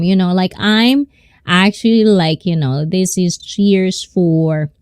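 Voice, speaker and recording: A woman's voice: lowish voice, dark tone, dry recording, clean studio sound. A woman in her thirties with a Filipino accent, hosting a casual live stream, giggling often and mixing Tagalog with English as she reads the chat. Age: 30s.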